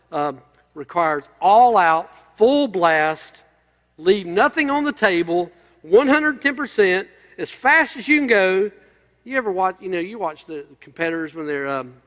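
A man's voice: high voice, a bit bright, long reverb tail. A male pastor preaching a sermon, emphatic and building through repeated phrases.

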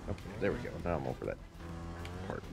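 A man's voice: very deep voice, sing-song, fast talker, gravelly, over music. A man co-hosting casual gaming commentary, joking and teasing.

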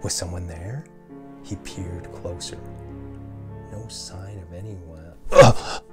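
Man, storyteller, low voice, measured scripted narration, faint background music. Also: steady tone, darkish tone.

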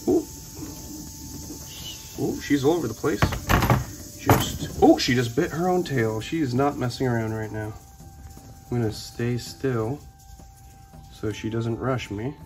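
An enthusiastic man narrates his snake-keeping chores in a relaxed vlog voice. He talks to the animals as he works and lowers his voice near them. Music runs clearly behind him. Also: unhurried, pauses often. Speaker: reptile keeper and show host. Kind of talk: casual vlog narration while working.

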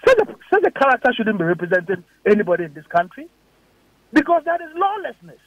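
A man's voice: very high-pitched, big pitch swings, fast talker, no echo. A man with a Ghanaian accent, a politician on a radio interview, firing off emphatic, indignant rhetorical questions. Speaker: politician guest. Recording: dull lo-fi radio audio.

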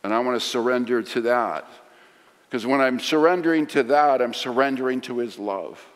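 A middle-aged man preaching a sermon, swinging from loud emphasis to hushed lines. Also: medium pitch, normal speed. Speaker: pastor. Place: large church sanctuary. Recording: long hall reverb.

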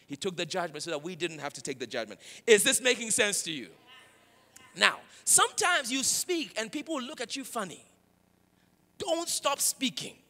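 A man preaching a sermon as pastor, who swings from loud proclaiming to low, quiet emphasis. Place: church sanctuary. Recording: church hall with long reverb.

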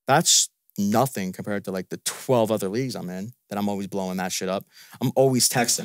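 A man's voice: on the low side, fairly quick, no echo. A man venting in a frustrated, repetitive, profane way in a casual podcast chat. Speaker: podcast guest.

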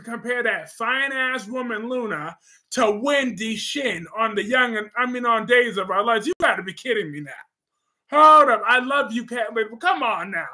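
A man hosting a casual livestream, reacting to viewer comments with animated repetition. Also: very high voice. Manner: animated, repeats phrases for emphasis. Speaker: livestream host reading comments.

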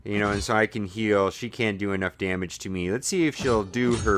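A man's voice: fairly low pitch, fairly quick, few pauses, a bit bright, a little hiss or hum. A man hosting a mobile game video, giving casual, rambling, self-deprecating commentary while he plays. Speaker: mobile gaming video host.

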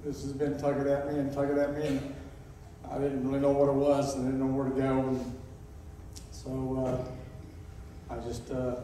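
A sixty-year-old man, giving a halting personal testimony in church, near tears and full of pauses. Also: mid-range voice, monotone, dark tone, slight background noise. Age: 60s. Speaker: church member announcing a calling. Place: church sanctuary. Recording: echoey church, distant mic.

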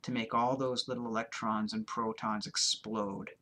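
A man reading his own first-person literary fiction aloud in a deadpan, rambling manner. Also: fairly low pitch, moderate pace.

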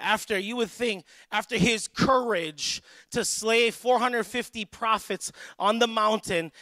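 A man delivers a sermon with a somewhat high-pitched voice. He tells stories with quoted dialogue and then builds to emphatic, raised peaks. The sound is dry, with little room echo. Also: sharp tone. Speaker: pastor.

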